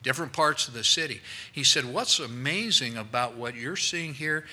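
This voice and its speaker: A male pastor telling a story in a sermon, animated and acting out the voices of people he quotes, on a worn microphone in a church. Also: mid-range voice, normal speed, slightly rough, low-quality recording.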